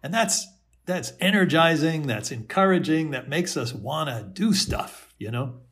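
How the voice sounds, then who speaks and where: A man on a video call, talking gently and thoughtfully, with soft laughs and short acted-out inner voices. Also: a little high, expressive, a little slow. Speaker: host and self-compassion teacher.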